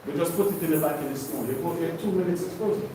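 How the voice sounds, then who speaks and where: A man teaching a congregation leads a sermon-style Bible study in their hall, preaching with call-and-response questions. He talks fast in a fairly high voice, and the recording is very echoey, noisy and far from the mic.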